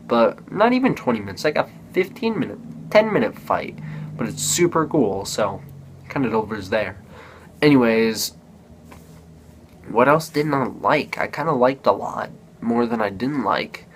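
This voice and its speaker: A man's voice: on the low side, a bit bright, slight background noise. A man giving a casual spoken movie review, rambling, restarting sentences and acting out characters' lines.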